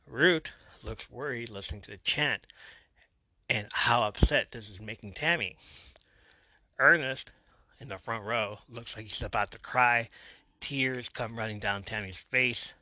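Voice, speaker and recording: A man's voice: mid-range voice, measured pace, pushed and bright, no echo. A man hosting a podcast, narrating a recap of a TV episode in a storytelling way and lightly playing the quotes. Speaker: podcast host.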